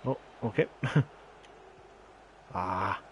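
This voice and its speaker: A man's voice: on the low side, expressive, extremely slow, slight background noise. A young Scottish man chatting casually and teasing his friends while playing a football game, laughing and swearing often. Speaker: gamer. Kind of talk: casual chat while gaming.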